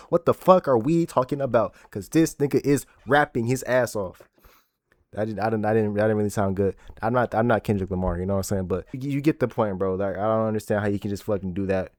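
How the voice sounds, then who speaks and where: A man in his twenties hosting a music reaction video, excitable and profane, often repeating himself. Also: on the low side, fast, no room sound, clean studio sound. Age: 20s. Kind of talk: casual reaction commentary. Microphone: desk microphone.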